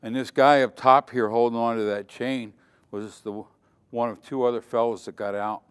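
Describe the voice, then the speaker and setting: A man's voice: medium pitch, fairly even intonation, normal speed, clear, resonant tone. An older man giving a dramatic safety lecture at a conference, quizzing the audience as he goes. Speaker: safety trainer. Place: conference hall. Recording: long hall reverb.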